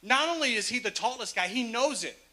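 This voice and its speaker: Bright, high-voiced casual preacher. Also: male voice, animated, fairly quick. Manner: casual, humorous storytelling with laughs. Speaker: pastor. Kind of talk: sermon.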